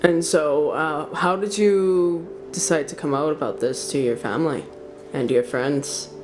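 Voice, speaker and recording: A man asking gentle, probing questions as the interviewer. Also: fairly high pitch, measured pace. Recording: distant mic with music.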